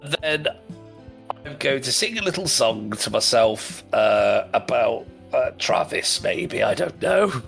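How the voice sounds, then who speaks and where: A man's voice: mid-range voice, very animated, takes it slowly, vocal fry, a bit bright, soft background music. A man chatting casually as a player in a tabletop game, playful and scheming.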